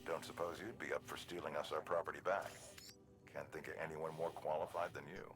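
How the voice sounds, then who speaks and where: A man's voice: very deep voice, level tone, a little fast, a bit bright. An actor playing a weary male delivery-center worker in a video game, easygoing, wry and a little apologetic. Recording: game audio from far off, echoey.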